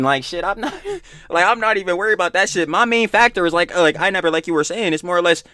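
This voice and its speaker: A man reacts to a clip with loud, disbelieving outbursts and heavy swearing. His pitch leaps all over as he talks, and the recording sounds dry and close. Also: no echo. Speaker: reaction video host. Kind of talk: casual reaction commentary.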